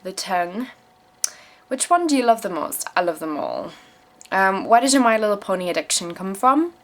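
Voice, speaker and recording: In her casual, profanity-heavy vlog, a young woman from South Africa, whose accent carries an English influence, reads out viewers' questions and answers them bluntly. Her mid-range voice swings widely in pitch at an ordinary speed, and she hammers home her advice with repeated phrases.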